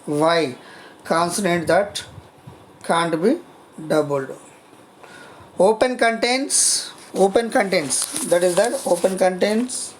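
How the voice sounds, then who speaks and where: A lecturer teaches spelling rules at a very slow, deliberate pace. The delivery is halting, full of repeated phrases and restarts, with words spelled out letter by letter. Faint hiss sits behind the voice. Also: mid-range voice. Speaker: college lecturer. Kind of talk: grammar lesson on spelling rules.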